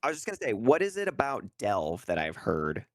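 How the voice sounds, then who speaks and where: A man's voice: medium pitch, wildly swooping pitch, brisk, fairly bright tone. A man appearing as a guest on a gaming podcast, rambling through lots of fillers with sarcastic asides. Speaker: guest, game content creator. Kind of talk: casual gaming podcast chat.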